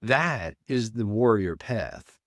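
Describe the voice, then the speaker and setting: A man, a men's coach, speaking earnestly and deliberately as a guest in an interview. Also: lowish voice, expressive, fairly bright tone, dry recording, clean studio sound. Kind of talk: reflective interview talk.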